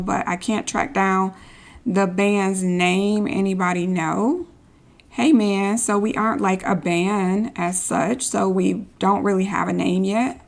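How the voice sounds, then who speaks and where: A woman's voice: medium pitch, steady tone, a little slow, gravelly. A woman streaming a story game, reading in-game social posts aloud and adding sarcastic asides. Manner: sarcastic asides between read-outs. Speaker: gameplay streamer.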